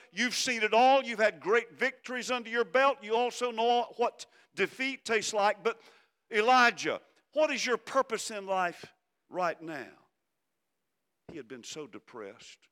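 A man preaching a sermon, swinging from loud emphasis down to hushed, soft phrases. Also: high-pitched. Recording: long hall reverb.

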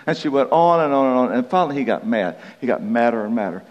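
A man's voice: medium pitch, fast, few pauses, lo-fi sound. A man in his sixties preaching a sermon, telling folksy stories and acting out the quotes. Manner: folksy, storytelling, acts out quotes. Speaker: pastor. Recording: long hall reverb.

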